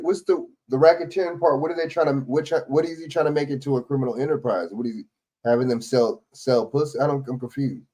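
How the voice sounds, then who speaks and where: A man's voice: medium pitch, warm tone. A man hosting a livestream, giving loose casual commentary on news clips and tossing rhetorical questions at his viewers. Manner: rambling, restarts, asks the audience rhetorical questions. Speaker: livestream host.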